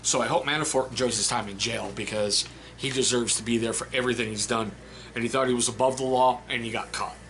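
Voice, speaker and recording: A man's voice: medium pitch, fairly even intonation, quick pace, fairly bright tone, slight background noise. A man, an Army veteran, giving a blunt, chatty book review and reading passages aloud. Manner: blunt, chatty, swears casually. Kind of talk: casual spoken book review.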